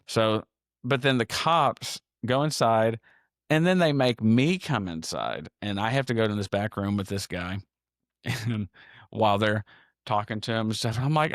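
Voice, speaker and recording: Guy on his own podcast, kinda low voice, dry close sound, laughs and trips over words while telling a story. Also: normal speed, no echo. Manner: rambling, chuckling storyteller with frequent restarts. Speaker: podcast host. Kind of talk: casual solo podcast storytelling.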